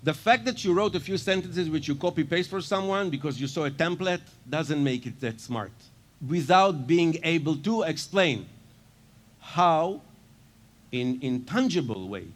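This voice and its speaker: A man's voice: a little high, expressive. Blunt Israeli man speaking on stage. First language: Hebrew. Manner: blunt, emphatic, quick-talking. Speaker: conference speaker. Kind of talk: energetic stage talk with audience Q&A. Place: conference stage.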